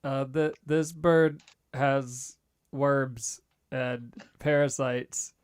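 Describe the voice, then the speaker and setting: A man playing a tabletop game, bantering in character with a joking, deadpan manner. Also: mid-range voice, extremely slow, smooth, no echo, clean studio sound. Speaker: player.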